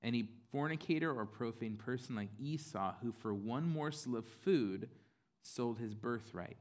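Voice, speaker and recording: A man's voice: medium pitch, unhurried, darkish tone. Casual, conversational male pastor. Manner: casual, conversational preaching with fillers and playful acted-out voices. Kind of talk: sermon.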